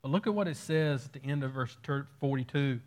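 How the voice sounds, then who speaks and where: A man's voice: mid-range voice, brisk, a little mellow. A male pastor preaching an expository sermon, reading verses aloud and explaining them.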